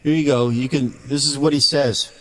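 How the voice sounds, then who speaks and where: A man's voice: medium pitch, steady tone, normal speed. A man speaking a blunt, emphatic ranting monologue to his viewer as a video creator.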